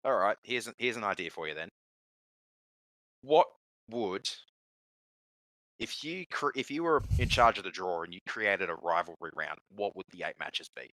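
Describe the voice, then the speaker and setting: A man's voice: low-pitched, lively intonation, moderate pace, pauses often, a bit bright, no echo, low-quality recording. A man co-hosting a casual sports podcast, teasing and blunt in a wry way. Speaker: podcast co-host. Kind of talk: casual sports chat while watching a game.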